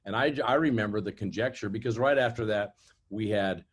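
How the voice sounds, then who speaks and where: A man's voice: on the low side, a little fast, husky. A man telling rambling, profane stories on a casual industry call. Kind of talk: casual chat.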